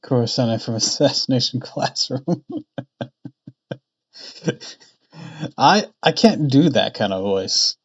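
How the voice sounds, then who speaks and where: Guy chatting on his stream, slow and laughy, muffled lo-fi mic. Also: mid-range voice, animated, breathy edge. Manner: chatty, laughs often, thinks aloud. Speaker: streamer reading a novel aloud. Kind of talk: casual live-stream chat.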